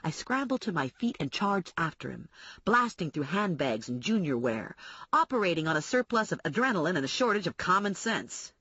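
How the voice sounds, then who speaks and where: A woman narrating an audiobook in the first person, wry and brisk, her voice husky and her pitch animated. The recording is dead dry and slightly muffled, close to the mic. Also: no echo.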